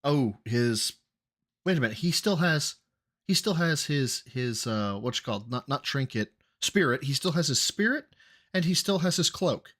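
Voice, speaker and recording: A man's voice: mid-range voice, expressive, moderate pace, a bit bright. A man hosting a casual reaction show, thinking aloud and teasing while watching gameplay. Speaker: host reacting to a stream.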